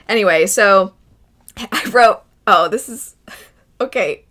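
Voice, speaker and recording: A woman chatting through her first reactions in a casual vlog. Her voice is bright and forward, her delivery animated and conversational, and she often slips into playful character voices. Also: medium pitch, slow pace. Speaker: anime reaction vlogger.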